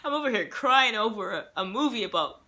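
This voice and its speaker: A young woman with a bright, crisp voice chats her way through a movie review. She rambles happily, laughs easily and acts out her own reactions as she gushes. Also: on the high side, expressive, a little fast. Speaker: movie reviewer and self-published author. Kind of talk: casual movie review vlog.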